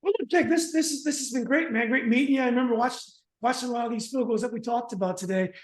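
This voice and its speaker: Male host, very high voice, quick talker, echoey room. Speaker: podcast host. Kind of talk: casual interview.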